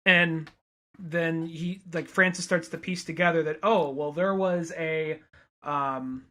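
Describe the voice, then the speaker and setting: Bright-voiced joking podcast co-host. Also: male voice, a little high. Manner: jokey, puts on silly voices for the characters. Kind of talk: casual chat.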